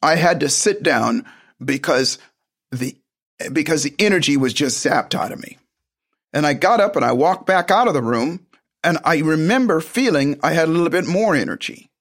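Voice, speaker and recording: Rambling man with a higher voice. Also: animated, normal speed, fairly bright tone. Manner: rambling, with frequent restarts and asides. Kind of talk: casual spoken storytelling.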